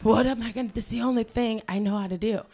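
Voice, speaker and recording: A woman from Cleveland telling her life story to a live audience, profane and animated, swinging from quiet, low asides to shouted punchlines. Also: fast. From Cleveland, USA.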